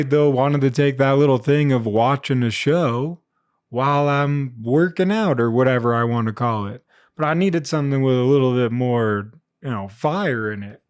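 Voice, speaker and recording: A man hosting his own video channel, telling a rambling, jokey story in casual unscripted talk, with quick little voiced asides. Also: medium pitch, no room sound, clean studio sound. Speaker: vlog host.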